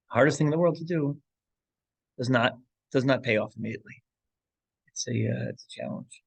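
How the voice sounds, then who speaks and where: A man leads a relaxed Torah class. His voice is gravelly, and the recording sounds close and dry. He wanders through a story with restarts and asides and drops Hebrew and Yiddish phrases into his English. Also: mid-range voice, brisk, pauses often, dry recording. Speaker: rabbi teaching a class.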